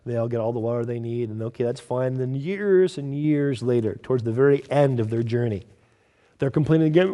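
A man with a mid-range voice preaches a sermon briskly in a conversational, storytelling style, acting out characters with lively quotes. The audio is dull.

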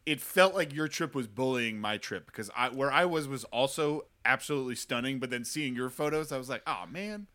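A man bantering wryly on a casual podcast, teasing his co-hosts. His voice is bright and forward, with a middle pitch. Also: fairly quick, hardly any pauses. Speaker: podcast co-host. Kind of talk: casual chat.

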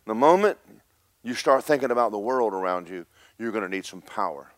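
A man preaching a fiery Pentecostal sermon in church, telling stories and building to emphatic, shouted points. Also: fairly low pitch, animated, fairly quick.

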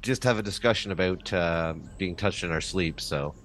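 A man's voice: sits low, moderate pace, fairly bright tone. A man from Canada, a player at a tabletop game, wry and laughing at his own jokes. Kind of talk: casual chat at a game table.

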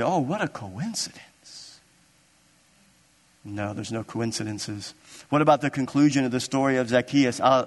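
A man pastor preaching a sermon in a church, animated and acting out scripture scenes. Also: medium pitch. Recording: long reverb of a large hall.

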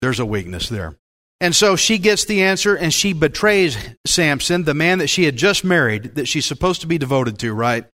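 Folksy man preaching, lively pitch. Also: normal speed. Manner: folksy, joking, animated preaching. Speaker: pastor. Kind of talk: Bible-teaching sermon.

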